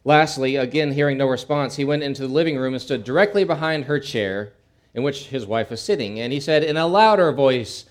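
A pastor with a medium-pitched voice preaches fairly quickly, opening his sermon with a folksy anecdote. His delivery is plain and conversational, full of restarts and repeated words.

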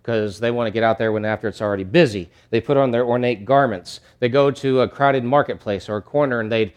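A male pastor preaching a sermon, animated and conversational, acting out scenes from scripture. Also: mid-range voice, quick pace, clear, resonant tone. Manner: animated, acts out disciples' voices.

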